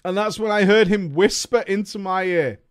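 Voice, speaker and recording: A man's voice: high-pitched, normal speed, smooth. A man reading a story aloud to his viewers as a streamer, breaking off to swear, laugh and crack jokes to the boys.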